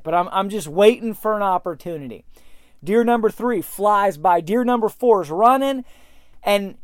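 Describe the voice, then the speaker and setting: A man hosting a podcast, telling a story in an animated way that speeds up and slows down. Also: high-pitched, clean tone, no echo, studio quality. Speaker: podcast host.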